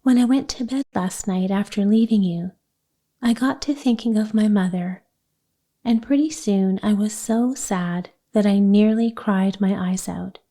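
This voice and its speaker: A woman reading an audiobook, voicing an excitable little girl who gushes breathlessly. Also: mid-range voice, measured pace. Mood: eager. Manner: breathless, gushing storyteller. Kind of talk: audiobook character voice.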